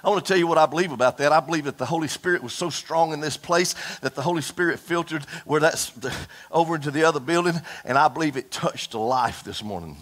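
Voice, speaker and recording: A man preaching a fiery sermon to his congregation, folksy and animated, calling out for amens. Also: fairly high pitch, fast talker. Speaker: pastor. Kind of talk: impassioned Pentecostal-style sermon. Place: church service before a congregation.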